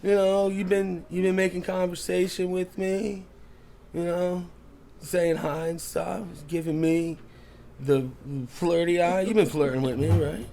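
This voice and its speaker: A man's voice: medium pitch, measured pace, dark tone, a little hiss or hum, close to an everyday voice. A man voicing a drunk, pushy male bar patron who slurs and turns belligerent. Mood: indignant. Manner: slurring, sleazy, belligerent.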